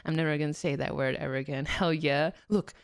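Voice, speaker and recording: A woman's voice: low voice, clean tone, dry recording, studio quality. A woman streamer giving casual watchalong commentary, giggling often and rambling with fillers and restarts. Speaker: VTuber streamer.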